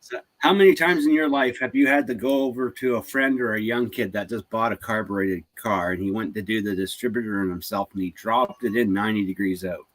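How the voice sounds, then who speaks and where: A man's voice: fairly low pitch, brisk, hardly any pauses, a bit bright. A Canadian man hosting a live stream, rambling casually about car repairs, with many restarts. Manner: rambling, restarts, laughs often.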